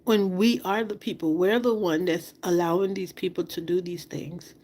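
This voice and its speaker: A woman's voice: fairly low pitch, fairly even intonation, moderate pace, a little mellow. Tearful woman venting on a livestream. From outside the United States. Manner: impassioned, repetitive, rhetorical questions. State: fighting back tears. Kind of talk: emotional livestream monologue.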